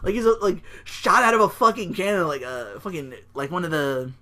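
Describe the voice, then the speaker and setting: A man hosting a casual solo podcast, recapping wrestling with excitement, laughter and quick put-on voices. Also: high voice. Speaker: podcast host.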